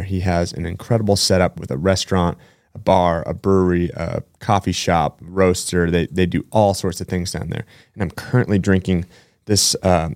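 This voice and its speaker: A man's voice: deep voice, a little mellow, no echo, studio quality. A man hosting a casual podcast, chatting in a rambling way with side-tracks and self-corrections. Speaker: podcast host. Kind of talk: casual solo podcast chat.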